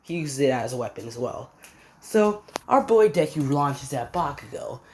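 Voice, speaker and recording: A woman with a low voice narrates a fan story in an offhand, slangy ramble. Her pitch climbs and drops a lot as she talks, as if making it up while she goes. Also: lively intonation, normal speed, a little mellow, slight background noise.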